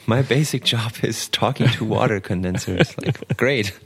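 Male podcast guest, very low voice, halting delivery with wry asides. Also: husky. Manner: hesitant, many fillers and restarts, wry. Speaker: podcast guest, designer in tech. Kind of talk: casual tech podcast chat.

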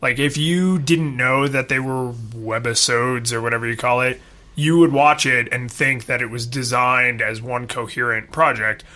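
A young man co-hosting a podcast in casual chat, full of fillers and quick asides. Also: mid-range voice, steady tone, bright, forceful tone. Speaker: podcast co-host.

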